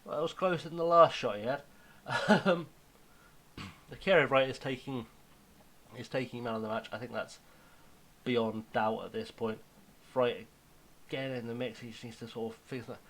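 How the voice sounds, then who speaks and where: A young man giving casual, self-mocking commentary on his football management game, now and then dropping to a hushed aside. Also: mid-range voice, moderate pace, pauses often, rough recording. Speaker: gaming YouTuber.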